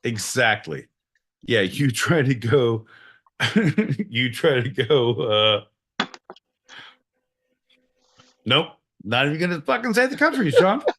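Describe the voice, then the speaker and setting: A man co-hosting a live podcast from Southern California, profane, loud and given to laughing and theatrical outbursts. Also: mid-range voice, big pitch swings, slow, long pauses. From United States. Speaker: podcast co-host. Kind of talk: casual live podcast banter.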